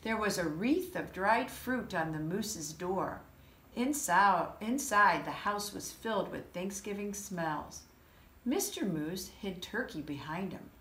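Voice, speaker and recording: A woman reading a children's holiday story aloud, expressive and unhurried. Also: fairly low pitch, slight background noise. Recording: echoey room.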